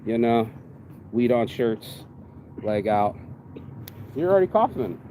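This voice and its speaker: A man's voice: mid-range voice, very animated, slow pace, noisy background. A man rambling through a profane, preachy motivational talk while vlogging in an outdoor park. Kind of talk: casual motivational vlog.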